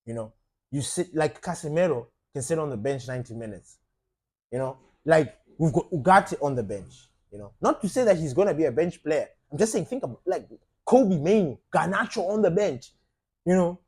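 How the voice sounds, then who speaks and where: Brief: man, fan-channel host, lively swooping delivery, slightly husky, ranting with rhetorical questions. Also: fairly high pitch, normal speed. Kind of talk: opinionated fan commentary.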